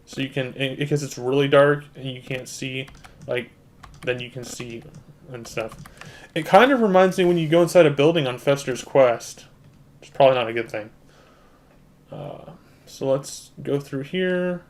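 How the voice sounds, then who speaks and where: A man's voice: medium pitch, moderate pace. A man hosting a gaming channel, chatting casually as he plays a computer game and explains the controls to his viewers. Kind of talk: casual let's-play commentary.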